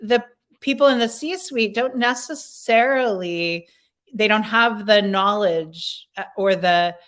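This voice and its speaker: A woman speaks as a guest in a casual podcast conversation at an ordinary middle pitch. She thinks out loud, slowing down and searching for words, with frequent fillers and restarts. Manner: thinks aloud, slow and searching, many fillers. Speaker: leadership consultant guest.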